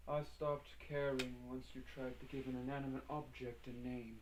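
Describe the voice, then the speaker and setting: A man playing a deadpan detective's assistant. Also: mid-range voice, moderate pace, reverberant, background noise, close to an everyday voice. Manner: deadpan, wordy and formal. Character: dry, deadpan adult male detective's assistant. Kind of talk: amateur comedy web drama.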